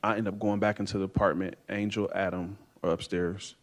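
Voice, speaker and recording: A man in his thirties giving halting courtroom testimony from the witness stand, full of fillers and uncertain pauses. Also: low-pitched, level tone. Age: 30s. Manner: halting, hesitant, many fillers and "I don't know".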